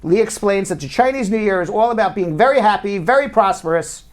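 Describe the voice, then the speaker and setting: A man in a casual live show, an immigration lawyer and host, swinging from loud joking to sober explanation. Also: high voice, animated, a little fast.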